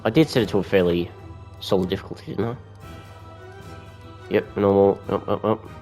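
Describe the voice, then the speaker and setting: A man's voice: lowish voice, moderate pace, dark tone, faint music behind. Chatty Australian man playing a game. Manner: rambling, chatty, swears casually. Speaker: gamer. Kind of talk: casual let's-play commentary.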